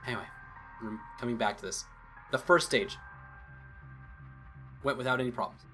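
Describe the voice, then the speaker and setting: A man hosts a let's play, reading story text aloud and jumping in with excited reactions and half-spoken theories. His voice is an ordinary middle pitch, with faint music playing underneath. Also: moderate pace. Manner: excitable asides, thinking aloud. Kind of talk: reading a visual novel aloud with commentary.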